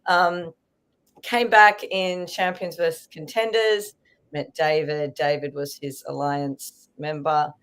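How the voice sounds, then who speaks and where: A woman chatting as a podcast guest, telling stories in an animated way. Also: deep voice, slow pace, clean tone. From Australia. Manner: chatty, animated storytelling with fillers. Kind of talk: casual podcast chat.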